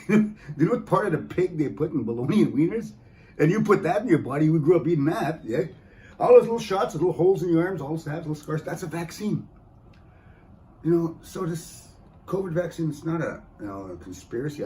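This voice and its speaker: Man, stand-up comedy, joking, teasing, slightly high voice, echoey room, distant mic. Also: big pitch swings, a little fast, dark tone, slight background noise. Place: event hall.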